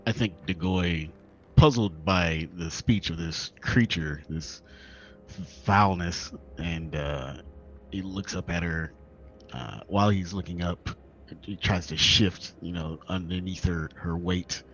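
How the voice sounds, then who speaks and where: A man's voice: low voice, slow pace, fairly bright tone, muffled recording. A man playing a tabletop role-playing game, talking casually with fillers and restarts. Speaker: player.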